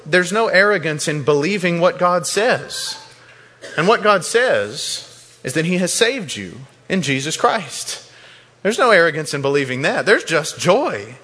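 A man's voice: high-pitched, pushed and bright. Preaching man in an echoing hall. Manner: earnest, repeats words when stressing a point. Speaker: pastor. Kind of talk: sermon. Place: church sanctuary. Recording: long reverb in a large hall.

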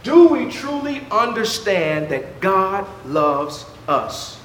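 A high-voiced male preacher delivers a fervent sermon full of rhetorical questions and stammered restarts. His voice rings around a roomy, echoey hall, with faint ambience underneath. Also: very animated, slow, a bit bright, slight background noise.

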